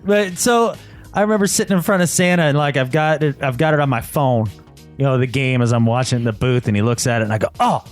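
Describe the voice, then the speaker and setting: A man's voice: medium pitch, quick pace, faint music behind. A man co-hosting a casual podcast, ranting in a joking, exasperated way. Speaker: podcast co-host. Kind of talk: casual chat.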